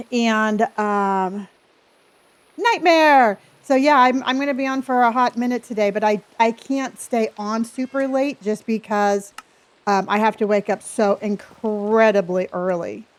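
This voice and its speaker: A middle-aged woman chatting casually with viewers on a live stream, bubbly and talkative, greeting and thanking them by name. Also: on the high side.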